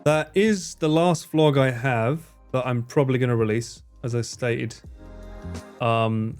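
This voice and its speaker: A young man chats casually on a live stream and answers his viewers. He swears freely and acts out what his friends said in higher voices. Faint music plays behind him. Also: a little mellow.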